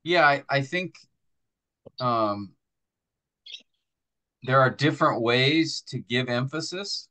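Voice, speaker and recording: A man's voice: mid-range voice, pushed and bright. A middle-aged man teaching a class on preaching, talking in a thoughtful, conversational way. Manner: thoughtful, conversational, demonstrates delivery with acted examples. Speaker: preaching instructor.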